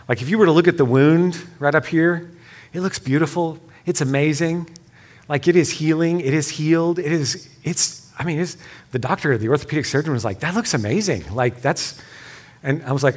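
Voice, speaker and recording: A man giving a sermon-style session, telling a personal story and then leading a quiet, earnest prayer. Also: mid-range voice, moderate pace. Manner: earnest storytelling, drops to soft hushed prayer. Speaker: speaker leading a church session.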